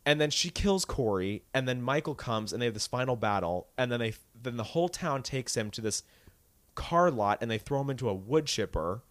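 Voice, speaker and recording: A man's voice: mid-range voice, lively intonation, brisk, no room sound. A man co-hosting a podcast, chatting casually and ranting with indignation. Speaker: podcast co-host. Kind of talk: casual chat.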